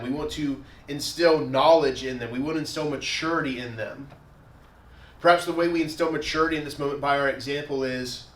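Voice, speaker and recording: A man's voice: fairly high pitch, fairly bright tone, recorded from a distance. A man preaching a sermon as a pastor in a conversational way, walking through everyday examples. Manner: conversational preaching, repeats "again", everyday scenarios. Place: church sanctuary. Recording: echoey room, voice from afar.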